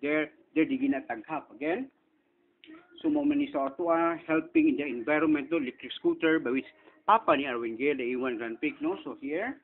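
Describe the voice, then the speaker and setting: A man's voice: a little high, creaky, slightly rough. A man with a Filipino accent talking casually through a screen walkthrough, rambling and tagging his sentences with little questions. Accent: Filipino (Cebuano). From Philippines. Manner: rambling, frequent tag questions. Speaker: channel owner and inventor. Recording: tinny phone-like audio, faint hiss.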